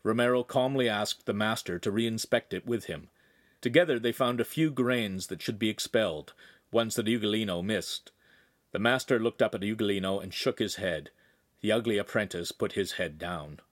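A man's voice: moderate pace, no room sound, clean studio sound. A man reading a young adult novel aloud as narrator, shifting into raised voices for the characters. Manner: lively storytelling, voices each character with raised pitch. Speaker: audiobook narrator. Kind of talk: scripted narration.

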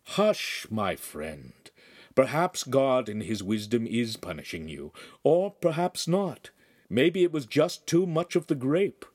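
A man voicing a calm, fatherly older male priest who soothes and preaches, in an audiobook. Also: medium pitch, dry recording, clean studio sound, pitched above the performer's own voice.

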